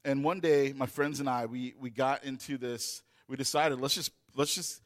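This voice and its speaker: A man's voice: medium pitch, steady tone, moderate pace. A man telling a personal story in a loose, rambling way, with many fillers and restarts. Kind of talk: casual storytelling.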